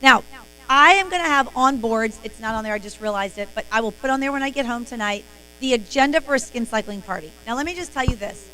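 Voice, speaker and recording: Woman, sales trainer, motivational, emphatic, somewhat high-pitched, live stream. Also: expressive, fast, pushed and bright, slight background noise, poor audio.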